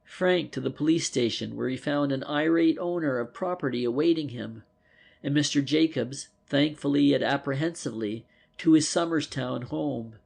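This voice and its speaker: A man reading a detective novel aloud as an audiobook narrator, with measured storytelling. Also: mid-range voice, gravelly, darkish tone. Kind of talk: scripted narration.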